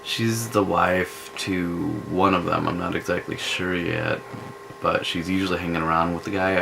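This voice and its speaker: A man's voice: low-pitched, gravelly, background noise. A man giving rambling, scornful spoken commentary in a vlog. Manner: scornful, rambling, slow drawl with restarts. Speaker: vlogger.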